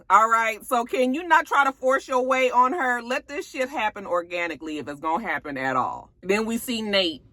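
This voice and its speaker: A woman with a low voice gives a casual recap of a TV episode. She talks bluntly and profanely and breaks into emphatic high bursts. Her voice sounds dry and close. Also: a bit bright, no room sound. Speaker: TV show reviewer.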